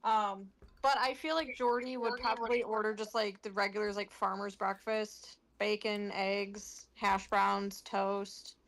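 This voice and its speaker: A woman's voice: mid-range voice, level tone, unhurried, few pauses, fairly bright tone, poor audio. Playful woman player at a game table. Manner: playful, laughs easily. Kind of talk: casual chat.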